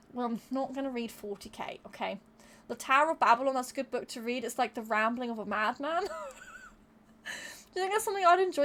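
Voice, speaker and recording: Woman, live streamer, casual chat, high voice, swoops around a lot, giggly, swears, repeats herself. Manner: chatty, laughs often, swears casually, repeats words when thinking.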